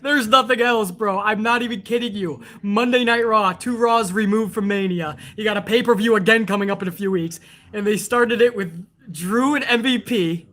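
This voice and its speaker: A man's voice: high-pitched, a bit bright. A man reviewing a wrestling show on a casual live stream, talking in a profane, exasperated and mocking way.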